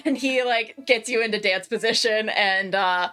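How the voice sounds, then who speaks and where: A woman's voice: a little high, a little slow, pushed and bright, soft background music. A woman narrating a tabletop game as game master, with a descriptive, playful storytelling manner.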